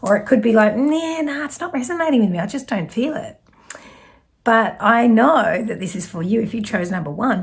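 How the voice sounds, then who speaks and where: Woman, Australian origin, psychic medium, spiritual message reading, slow and gentle, trailing soft phrases, gravelly, mid pitch.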